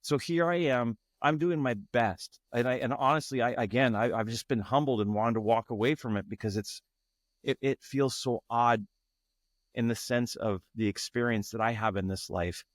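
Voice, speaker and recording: A man's voice: mid-range voice, normal speed, no room sound, clean studio sound. A man speaking as a guest in an interview, earnest and searching, often restarting his phrases. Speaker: guest, tantra facilitator. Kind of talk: reflective interview talk.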